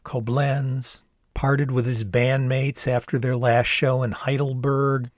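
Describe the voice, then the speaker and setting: A man's voice: mid-range voice, a little mellow, no room sound, studio quality. A man in his sixties from the United States, reading his own novel aloud in a wry, conversational storytelling manner. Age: 60s. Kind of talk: storytelling narration.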